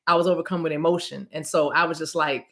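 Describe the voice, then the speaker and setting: Talking fast in a low, steady, slightly bright voice, a middle-aged spiritual reader from the US East Coast greets viewers by name and rambles playfully during a casual livestream.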